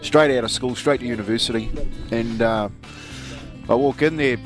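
A man's voice: medium pitch, fairly even intonation, moderate pace, over music. A man with a New Zealand accent co-hosting a radio show in casual chat, telling anecdotes and chuckling often. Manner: chatty storyteller, chuckles often. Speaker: radio co-host.

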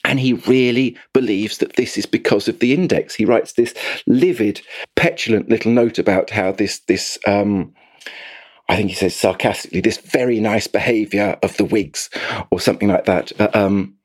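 Man telling history in a lively way. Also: lowish voice, normal speed. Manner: thoughtful, animated storytelling with restarts. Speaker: author and guest. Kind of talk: conversational interview.

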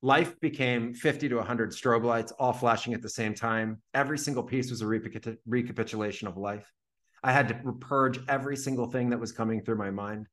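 A man's voice: mid-range voice, a little fast, a bit bright. A man telling a story, loaded with fillers. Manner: vivid retelling full of "like" fillers. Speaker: podcast guest. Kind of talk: casual storytelling.

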